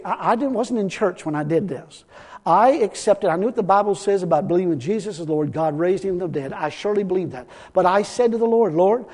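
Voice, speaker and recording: High-voiced preacher in a reverberant hall. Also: male voice. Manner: conversational preaching, repeats himself, swells louder for emphasis. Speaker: pastor. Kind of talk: sermon.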